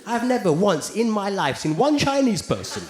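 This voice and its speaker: A man with a high-pitched voice and normal pace performs an animated stand-up routine in a London accent, swearing freely and impersonating hecklers in raised voices. He's from England, playing a large live venue whose echoey sound carries the crowd's laughter.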